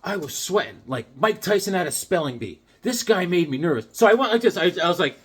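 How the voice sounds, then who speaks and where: A comic collector chatting on his channel with a bouncy, up-and-down delivery. He is jokey and theatrical and keeps slipping into silly bits between the stories. His voice sits a bit high for a man. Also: expressive, brisk. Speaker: comic book collector and video host. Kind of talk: casual vlog chat.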